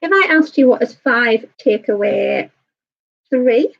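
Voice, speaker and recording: A woman's voice: a little high, animated. A woman teaching a live online maths lesson to young children, patient and a little nervous, checking in with "okay?" often. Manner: patient, repeats "okay?" often, talks a bit fast and nervous. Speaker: early years teacher. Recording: slightly dull lo-fi sound.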